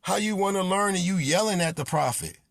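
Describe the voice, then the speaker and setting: A man's voice: high voice, brisk, gravelly, no room sound, studio quality. A man preaching an impassioned sermon as a self-styled prophet, scolding and confronting his listeners with repeated rebukes.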